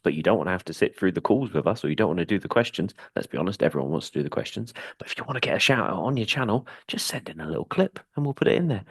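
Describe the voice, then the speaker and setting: A very deep-voiced man co-hosts a podcast, his pitch swinging widely as he talks. The sound is dry and close, and he keeps the chat casual and upbeat. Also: breathy edge, no room sound. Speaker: podcast co-host.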